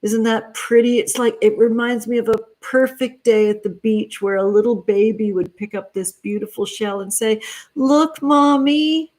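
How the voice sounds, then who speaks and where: A woman's voice: mid-range voice, flat delivery, moderate pace, hardly any pauses, dark tone. A woman hosting a livestream outdoors in a backyard, speaking tenderly and dotingly to her viewers, calling them honey and sweetheart. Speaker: tarot reader and livestream host. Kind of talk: affectionate livestream chat.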